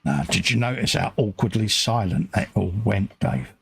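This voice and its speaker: A man's voice: on the low side, animated, normal speed, vocal fry, slight background noise. A man chatting casually and joking with his co-host while talking through each step of building a model kit.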